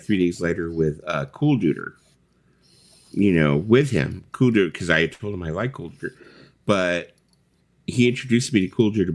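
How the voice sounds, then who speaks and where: Man, very low voice, middle-aged host, rambling casual storytelling, lots of "like" and "you know". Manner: rambling storytelling with many fillers and swearing. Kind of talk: casual live chat.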